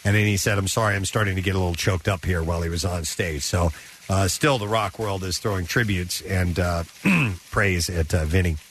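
A man's voice: low-pitched, fairly quick, fairly bright tone, a little hiss or hum. A man presenting music news on a morning radio show, reading items with stumbles and banter with co-hosts.

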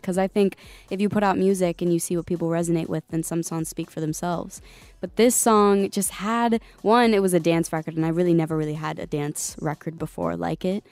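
A woman's voice: fairly low pitch, darkish tone, clean tone, dry recording. A young woman singer chatting casually in a radio interview, full of likes and you-knows. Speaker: guest singer.

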